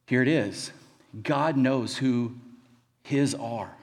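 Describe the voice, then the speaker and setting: A man's voice: mid-range voice, slow pace. Guy preaching to college kids, chatty storyteller vibe, big hall reverb hanging on every word. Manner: animated, conversational storytelling with casual asides. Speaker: college pastor. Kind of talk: sermon. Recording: long reverb of a large hall.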